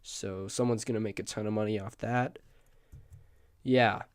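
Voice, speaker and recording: A man who is sick and hoarse gives a casual presentation on screen. He rambles, adds asides and keeps correcting himself. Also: on the low side, steady tone, moderate pace, no echo, clean studio sound. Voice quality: croaky. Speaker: student presenter.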